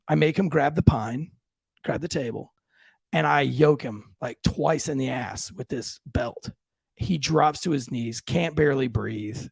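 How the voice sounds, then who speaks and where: A man hosting a casual podcast chat, telling family stories and acting out quotes with lively jumps in his voice. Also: creaky, husky, no room sound. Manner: animated, acts out quotes with big pitch jumps. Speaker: podcast host.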